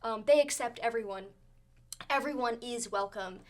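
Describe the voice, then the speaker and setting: A woman's voice: on the high side, normal speed. A woman narrating a tabletop game as game master, setting scenes with frequent fillers and laughter. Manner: lively, giggly scene-setting with many fillers.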